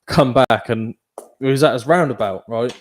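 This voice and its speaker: A man, co-hosting a podcast and telling a sweary, animated road story in casual chat. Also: medium pitch, normal speed. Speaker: podcast co-host.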